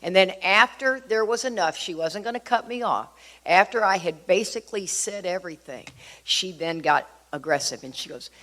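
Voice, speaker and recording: A middle-aged woman from Houston, speaking to a recovery group, telling her story in an animated way with emphatic asides. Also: on the low side, moderate pace. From Houston, Texas. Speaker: AA workshop speaker. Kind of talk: personal recovery talk to a group.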